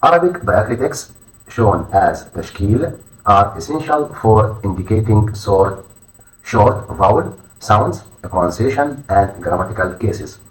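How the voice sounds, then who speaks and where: A man teaching a language lesson, saying each letter name slowly and deliberately, often twice. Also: lowish voice, animated. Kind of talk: instructional lesson narration. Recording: echoey room, voice far from mic.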